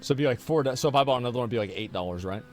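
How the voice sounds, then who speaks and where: A man's voice: medium pitch, rapid-fire, soft background music. A man in his thirties streaming from home, chatting casually and reacting to chat in a brash, profane, rambling way.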